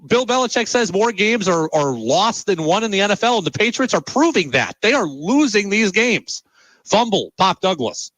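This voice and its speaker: Man, sports radio host, high bright voice, exasperated, emphatic, dry studio sound. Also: big pitch swings, moderate pace, dry recording, rough recording. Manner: exasperated, emphatic, repeating his points. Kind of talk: sports talk radio monologue.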